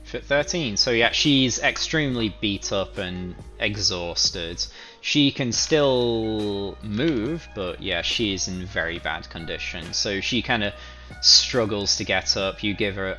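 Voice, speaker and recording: Male game master, relaxed and slow, casual filler-heavy narration, guitar music underneath. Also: lowish voice.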